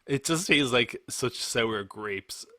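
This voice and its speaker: A man's voice: medium pitch, expressive, slow pace, bright, forceful tone, no room sound, clean studio sound. A man hosting a live podcast in a casual chat, rambling and joking and laughing often. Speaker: podcast host.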